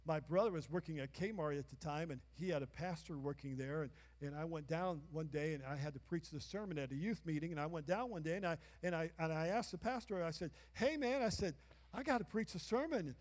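Older guy preaching, high voice, call and response, big echo in the church. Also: a little fast, hardly any pauses. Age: 60s. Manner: call-and-response, bursts of shouting. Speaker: pastor. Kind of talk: sermon. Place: church sanctuary. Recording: long reverb of a church hall.

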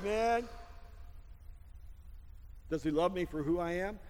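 A male pastor preaching a sermon, telling stories with a laugh and building to a loud prayer. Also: high-pitched, slow, pauses often, long reverb tail. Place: church sanctuary.

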